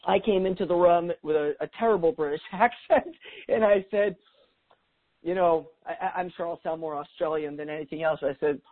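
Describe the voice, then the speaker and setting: A man's voice: on the high side, normal speed. Man, middle-aged, guest expert, chatty, restarts a lot, phone-quality audio. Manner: chatty, laughs often, full of restarts. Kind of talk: podcast interview.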